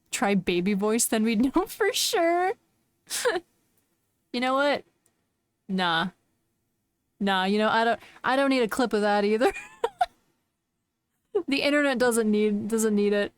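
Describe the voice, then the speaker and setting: A woman's voice: on the high side, lively intonation, takes it slowly, long pauses, smooth, dry recording. Playful giggly woman streamer. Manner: playful, giggly, mock-dramatic. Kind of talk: casual live-stream chat.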